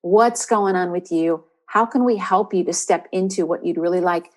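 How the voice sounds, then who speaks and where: A woman who is a spiritual coach and podcast host, giving an encouraging inspirational monologue and repeating questions for emphasis. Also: medium pitch.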